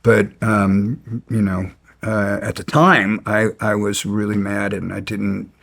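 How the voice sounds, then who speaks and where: A man's voice: fairly low pitch, fairly even intonation, slow pace, gravelly, fairly bright tone, slightly rough. A man as an interview guest, telling stories bluntly and with some resentment, stumbling and restarting his sentences. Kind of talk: casual storytelling.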